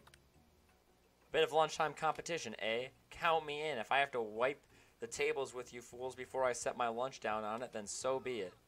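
A man doing a cocky rival from a video game, taunting and bright-toned. Close to his own everyday voice. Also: medium pitch, fairly even intonation, moderate pace, lightly acted. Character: boastful young male rival.

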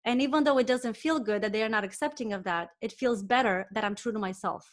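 Enthusiastic woman, slightly high voice. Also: quick pace. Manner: enthusiastic, animated, quotes herself in lively voices. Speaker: cardiologist guest. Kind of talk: casual interview talk.

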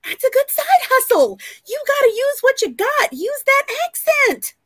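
A woman hosts a chatty vlog, gushing and laughing as she talks. Her voice sits high and swoops up and down all the time. The sound is dry and close. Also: moderate pace, no room sound. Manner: excitable, gushing, laughs often. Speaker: vlog host. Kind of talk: casual chat on a live vlog.

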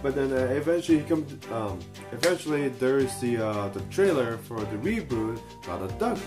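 A young man talks through his thoughts on a cartoon in a loose, unscripted way, often stalling on fillers and restarting his sentences. His pitch sits in an ordinary middle range, and faint music plays behind him. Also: expressive. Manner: halting, many fillers and restarts. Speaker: video reviewer. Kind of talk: casual unscripted commentary.

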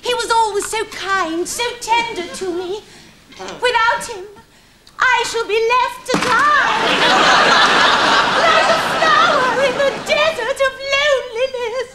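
Brief: an overwrought melodrama heroine, very high voice, slow and drawn-out, noisy studio audience. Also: female voice, pushed and bright, a faint crowd, heavily acted. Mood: pleading. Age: young adult. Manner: overwrought, theatrical, declaiming. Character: young woman dramatically pleading for her lover. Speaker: guest actress in a sketch. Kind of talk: hammy melodramatic stage pleading.

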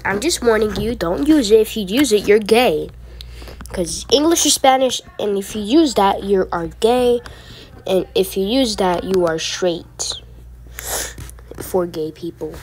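A woman's voice: medium pitch, expressive, a little slow, darkish tone, slight background noise. Chatty, easily frustrated female gamer. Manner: chatty, easily frustrated, rambling asides to viewers. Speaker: gaming video creator. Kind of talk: casual gameplay commentary.

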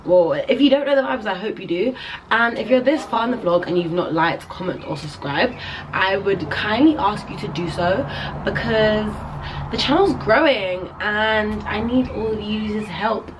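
Young British woman, casual vlog host, upbeat and chatty, mid-pitched, noisy background. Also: moderate pace. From England. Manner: chatty, upbeat, addressing viewers directly. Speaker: vlogger.

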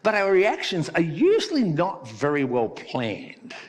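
A husky-voiced man delivers a sermon with lively, rising and falling pitch, easing into conversational storytelling. His voice rings out with the long reverb of a church hall. He sounds like a pastor chatting with his congregation. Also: measured pace. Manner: conversational storytelling with playful joke-telling.

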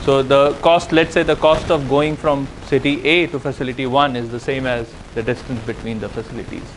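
A man giving a university lecture, explaining step by step with frequent "uh" and "okay" pauses. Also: medium pitch, fairly even intonation, noisy background. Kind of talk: classroom lecture on game theory.

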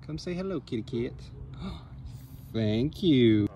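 Mellow-voiced man baby-talking cats. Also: medium pitch, lively intonation, takes it slowly, lo-fi sound, a little hiss or hum. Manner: gentle baby talk to cats. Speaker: vlog co-host. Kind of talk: casual walking vlog. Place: outdoor neighborhood street.

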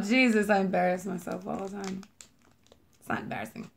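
Unboxing wax melts for her vlog, this New York-accented woman rambles bubbly and gushes about the scents and colors as she sniffs them, calling herself kooky. Her mid-range voice is flat, creaky and a little fast, and she pauses often.

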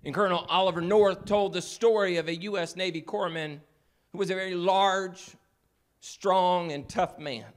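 A man with a notably high voice delivers a church sermon. He preaches earnestly, leaning on repeated refrains to build his point. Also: steady tone, normal speed. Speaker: pastor. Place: church sanctuary.

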